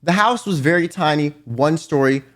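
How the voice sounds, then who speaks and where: A man telling a storytime vlog story in an animated way, swearing often. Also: on the high side, moderate pace. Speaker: vlogger.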